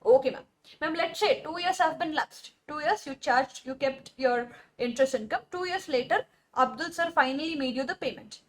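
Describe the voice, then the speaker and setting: A woman's voice: high-pitched, moderate pace. A young woman giving a classroom accountancy lecture, repeating key terms and quizzing her students.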